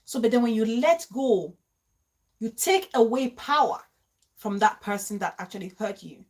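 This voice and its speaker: A woman's voice: high voice, measured pace, sharp tone. Effusive woman hosting a live stream. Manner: effusive, greets viewers by name. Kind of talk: live stream chat reading comments. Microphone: phone.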